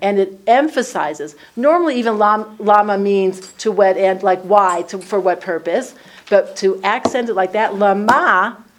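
Woman leading a Torah class, chatty and animated, acting out the verses in an even middle register. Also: medium pitch, moderate pace, a little hiss or hum. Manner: lively, acts out the dialogue in the text. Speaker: Torah study teacher. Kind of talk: conversational Bible class teaching.

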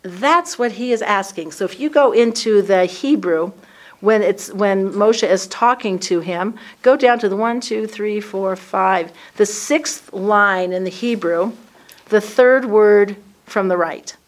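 A woman teaching a conversational Bible study class to a group, acting out the dialogue in the text as she explains it. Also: mid-range voice. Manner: lively, acts out the dialogue in the text.

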